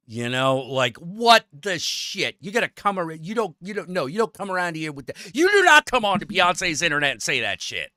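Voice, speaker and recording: A man's voice: on the high side, normal speed, no echo, studio quality. A man hosting a stream, ranting in casual chat, swearing a lot and stumbling over restarts. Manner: profane, animated ranting with stammered restarts. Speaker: stream host.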